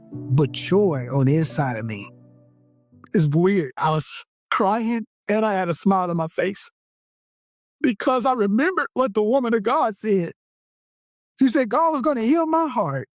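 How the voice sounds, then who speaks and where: A man's voice: high-pitched, a little mellow, no room sound, studio quality. A man in his fifties giving a personal faith testimony as an interview guest, speaking with an emphatic, preaching rhythm and repeated phrases.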